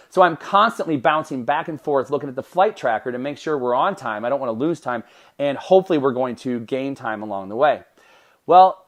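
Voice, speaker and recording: A man in his thirties tells a personal story on his podcast. He talks at an ordinary middle pitch and keeps his delivery animated. He often breaks off, starts his sentences over and laughs between thoughts. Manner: animated, self-interrupting storytelling with restarts and laughs. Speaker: podcast host.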